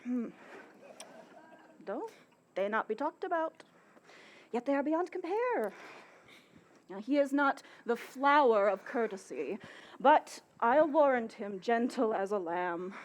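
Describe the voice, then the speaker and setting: A fussy, bawdy old nurse who groans about her aching bones, played by a woman on an outdoor Shakespeare stage. She speaks in a slightly high voice, taking her time. The delivery is theatrical and full of exclamations. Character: fussy older female nurse, bawdy, complaining. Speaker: stage actor.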